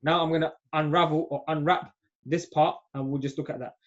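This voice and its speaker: A man's voice: a little high, fairly even intonation, a little fast. A man teaching an Arabic grammar class, patient and often checking understanding. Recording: dull lo-fi audio.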